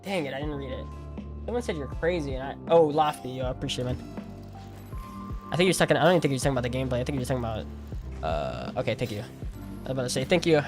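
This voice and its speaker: A man's voice: mid-range voice, expressive, fast, long pauses, over music. A tired man in his twenties streaming, chatting casually in a rambling, self-mocking way and laughing often. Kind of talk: casual livestream chat while gaming.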